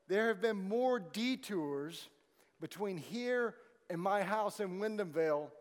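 A pastor with a high voice preaches to his congregation in a relaxed, chatty way, dropping in jokes as he goes. His voice rings with the long reverb of a church hall. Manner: conversational, joking asides to the congregation. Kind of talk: sermon.

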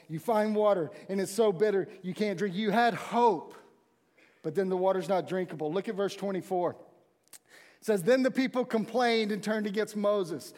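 A man preaching a conversational sermon and acting out the people in the story. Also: high voice. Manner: conversational, animated storytelling with acted-out quotes. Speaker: pastor. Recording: long hall reverb.

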